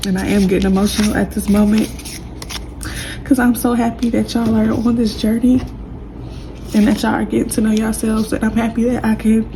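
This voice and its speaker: Chatty gravelly-voiced woman tarot reader. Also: on the high side, level tone, brisk, background noise. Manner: chatty, warm and emotional, says y'all a lot. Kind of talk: casual pick-a-pile tarot reading.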